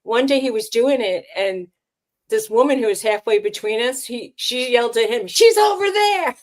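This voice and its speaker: A woman's voice: a little high, steady tone, normal speed. A woman co-hosting a casual chat between friends, telling rambling anecdotes and laughing easily. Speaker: co-host.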